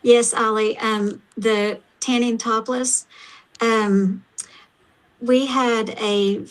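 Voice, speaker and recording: Slow, even-toned Oklahoma woman. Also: a little high, poor audio. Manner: halting, many fillers. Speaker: host. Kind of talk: casual chat.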